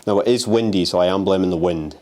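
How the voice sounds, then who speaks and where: A young man with a low, warm voice talks fast in his handheld exploring vlog. He's an urban explorer and ghost hunter poking around an abandoned house on a windy day, speaking restlessly, swearing, and taunting the ghosts.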